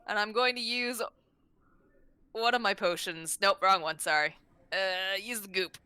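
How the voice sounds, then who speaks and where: A woman's voice: mid-range voice, a little slow, bright, forceful tone, smooth, dry recording. A woman playing a tabletop game, exasperated and outraged. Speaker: player. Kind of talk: tabletop role-play.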